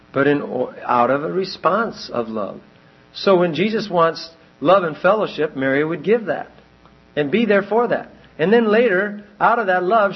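Male preacher, sermon delivery, husky, dull lo-fi recording. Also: high voice. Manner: animated, acts out quoted voices.

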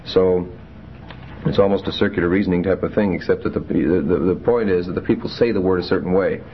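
A man teaching a Greek grammar class, explaining rules methodically with frequent pauses and fillers. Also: low-pitched, slight background noise. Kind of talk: classroom lecture. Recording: muffled lo-fi classroom recording.

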